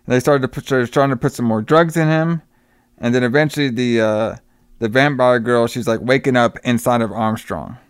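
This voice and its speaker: A podcast co-host with a clear, resonant mid-range voice recaps a film at a moderate pace, swearing freely and rambling as he acts out the characters' lines. It's casual chat, recorded with clean studio quality and no room sound.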